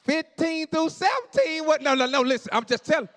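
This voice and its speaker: A man doing stand-up comedy in a church, telling stories with animated delivery, acting out dialogue and shouting punchlines to a live audience. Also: very high-pitched, a little fast.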